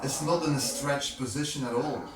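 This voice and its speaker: A man's voice: medium pitch, fairly even intonation, moderate pace, loud music behind the voice. A man filming his own workout and explaining his training step by step in a casual vlog, at times out of breath between sets. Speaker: fitness vlogger. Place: gym, indoors. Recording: echoey room, voice from far off, clear background noise.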